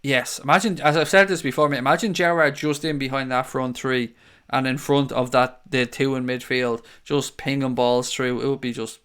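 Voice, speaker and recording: A man's voice: mid-range voice, steady tone, normal speed, fairly bright tone, clean tone. A young man hosting a fan stream, reading the live chat aloud and answering viewers in a chatty, sweary way. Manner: chatty, swears freely, calls viewers mate.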